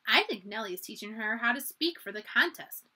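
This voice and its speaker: A woman's voice: on the high side, expressive, brisk, slightly rough, far from the mic, full character voice. A woman voicing a mocking, snobbish schoolgirl. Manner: loud, mocking.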